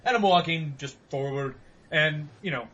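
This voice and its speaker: A man's voice: a little high, moderate pace, sharp tone, muffled recording. A young man hosting a podcast, telling rambling, profane stories in casual chat with bursts of laughter. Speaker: podcast host.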